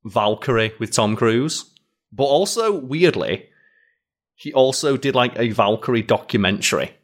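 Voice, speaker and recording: A man's voice: mid-range voice, animated, a little slow. A man co-hosting a casual podcast chat, opinionated and chuckling, with rambling restarts. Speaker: podcast co-host.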